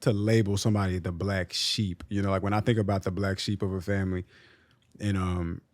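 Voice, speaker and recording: A man's voice: deep voice, flat delivery, fairly quick, a little mellow, no room sound. A man from Texas co-hosting a podcast, talking in a laid-back way full of slang and fillers. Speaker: podcast co-host. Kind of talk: casual chat.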